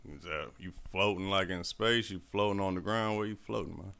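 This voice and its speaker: A man's voice: low voice, fairly quick, gravelly, a bit bright. A young man co-hosting a casual podcast, telling army stories in laid-back, profane banter. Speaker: podcast co-host, army veteran.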